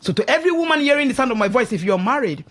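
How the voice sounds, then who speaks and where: Husky Nigerian woman preaching marriage advice. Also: high-pitched, sing-song, very fast, fairly bright tone. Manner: emphatic, exhorting, keeps asking "do you understand?". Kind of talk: preachy radio advice talk. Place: radio studio.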